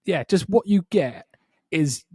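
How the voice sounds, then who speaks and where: A man co-hosting a podcast, gushing about a band he loves in an excitable, sweary casual chat. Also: high-pitched, takes it slowly, breathy edge, dry recording, studio quality. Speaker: podcast co-host.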